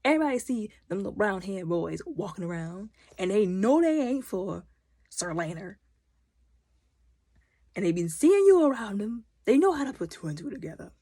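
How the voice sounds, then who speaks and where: A man's voice: high voice, sing-song, normal speed, warm tone, no room sound, full character voice. A woman voicing a stern older knightly father who scolds his son in a blunt, folksy way. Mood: stern scolding.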